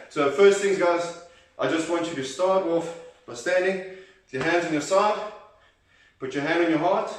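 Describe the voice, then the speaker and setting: A man leading a children's workout, cheerfully encouraging and counting reps aloud, sometimes out of breath. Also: a little high. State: out of breath at times. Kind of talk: leading a kids' exercise class. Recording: very echoey room, voice from a distance.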